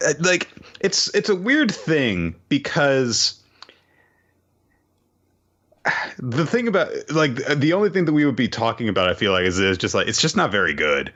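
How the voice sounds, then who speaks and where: A man co-hosting a casual chat about a series, wry and quick to laugh. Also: mid-range voice, very animated, a bit bright, muffled recording. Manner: laughs often, wry, drifts into quoted voices. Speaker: co-host.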